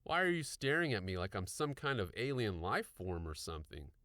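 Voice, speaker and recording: A man's voice: on the low side, sing-song, brisk, bright, forceful tone, no room sound, clean studio sound. A man voicing a bragging, show-off boy in a slightly raised voice for an audiobook. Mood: cocky. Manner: bragging, brash.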